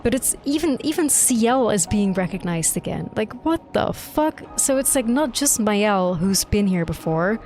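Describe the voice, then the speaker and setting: A young woman streamer reacting live to a game, excitable and gushing, swearing freely. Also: medium pitch, normal speed, few pauses. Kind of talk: live gameplay reaction commentary. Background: faint game music.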